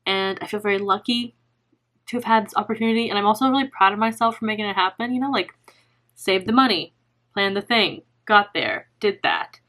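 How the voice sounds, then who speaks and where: A woman's voice: mid-range voice, fairly quick, pushed and bright. A young woman chatting casually to camera in a knitting vlog, gushing and rambling with lots of fillers. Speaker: knitting vlogger.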